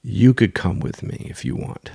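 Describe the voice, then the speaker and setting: A man's voice: fairly low pitch, very animated, normal speed, creaky, warm tone, slightly rough, dry recording, clean studio sound. A man hosting a podcast, telling a sailing story in a casual, rambling way with crude asides.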